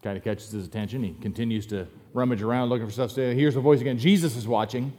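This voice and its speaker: A man's voice: medium pitch, very fast. Male pastor, casual sermon delivery with easy humor, church setting. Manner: relaxed joking storyteller, self-deprecating asides. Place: church sanctuary.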